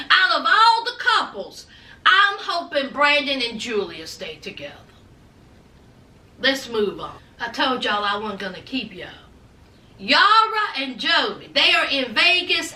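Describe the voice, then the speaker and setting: A woman recaps reality TV in a sassy, chatty gossip style, tossing in honey and child all the time. Her voice is very high and piercingly bright. She sits a bit back from the mic in an echoey room. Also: recorded from a distance. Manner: sassy and animated, calls viewers honey and child.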